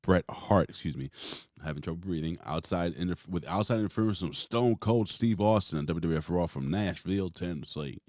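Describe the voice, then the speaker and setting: Very deep-voiced man rambling about wrestling. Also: fairly quick, hardly any pauses, no room sound, studio quality. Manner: rambling, swears freely, animated storytelling. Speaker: podcast host. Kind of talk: casual wrestling chat.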